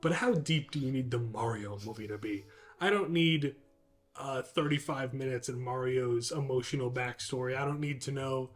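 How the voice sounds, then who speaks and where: A man's voice: mid-range voice, moderate pace. A man co-hosting a casual podcast, talking in a rambling, enthusiastic way with lots of fillers. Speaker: podcast co-host. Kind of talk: casual chat.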